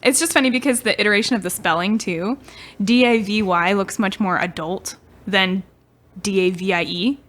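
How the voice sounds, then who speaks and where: A young woman co-hosting a podcast, sharing lore in a loose, giggly way. Her voice sits at an ordinary mid pitch, and her sentences wander and trail off. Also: normal speed, a bit bright. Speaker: podcast co-host. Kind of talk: casual storytelling chat.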